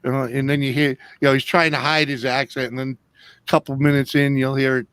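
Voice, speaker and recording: A man's voice: medium pitch, level tone, fairly quick, a bit bright, clear, resonant tone, no echo. A man in a casual chat who keeps chiming in with short agreements.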